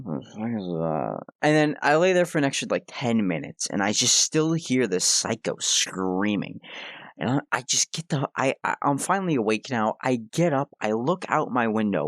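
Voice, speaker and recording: A young man telling a casual storytime vlog with lots of swearing and excitable outbursts. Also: medium pitch, no room sound, studio quality. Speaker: vlogger.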